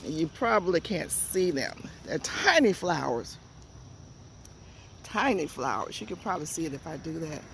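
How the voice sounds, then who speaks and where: A woman's voice: low-pitched, sing-song, normal speed, vocal fry, a little hiss or hum. Chatty Southern woman touring her garden. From Georgia, USA. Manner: chatty, folksy, addresses viewers directly. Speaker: home gardener vlogger. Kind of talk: casual garden tour talking to viewers. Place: outdoor backyard garden.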